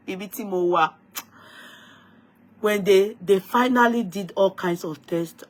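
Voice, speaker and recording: Nigerian lady vlogging, animated storytelling, mid pitch, drops yoruba bits in. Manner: lively, dramatic retelling, switching into Yoruba phrases. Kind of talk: casual storytelling to viewers.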